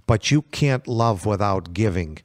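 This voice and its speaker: A man hosting a Christian radio program, teaching from the Bible in a calm, steady manner. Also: fairly low pitch, measured pace, no room sound, clean studio sound. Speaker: radio show host.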